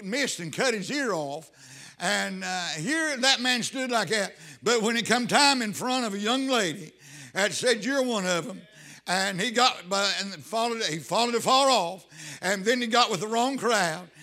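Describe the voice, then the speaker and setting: Bright, high-voiced preacher man. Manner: emphatic preaching, rising to shouted hallelujahs. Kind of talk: sermon.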